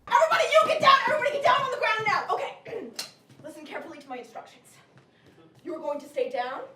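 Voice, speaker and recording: A woman's voice: high-pitched, animated, moderate pace, reverberant, distant mic, slight background noise. A woman playing an unhinged bank robber who holds hostages to rehearse a puppet show, lurching between bossy threats and needy politeness in a live stage comedy. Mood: commanding. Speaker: comedian in a solo character show. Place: theatre stage with a laughing audience.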